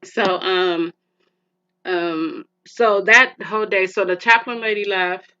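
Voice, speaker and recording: A woman's voice: medium pitch, steady tone, slow, pushed and bright. A middle-aged woman hosting a podcast, telling a personal story in an emotional, rambling way with many restarts, and calling the listener "girl". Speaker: podcast host. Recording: muffled lo-fi with faint hiss.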